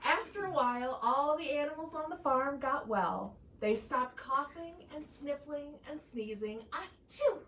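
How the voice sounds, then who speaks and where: A woman from a church staff reading a children's story aloud in an animated, playful, unhurried way. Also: high-pitched. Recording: echoey room, distant mic, faint noise.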